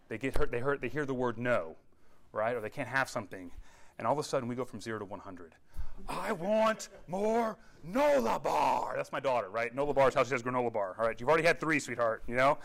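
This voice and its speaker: A man, teaching a casual Bible lesson to young people and often checking in with his listeners. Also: medium pitch. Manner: conversational, checks in with "all right?" and "okay?". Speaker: youth pastor.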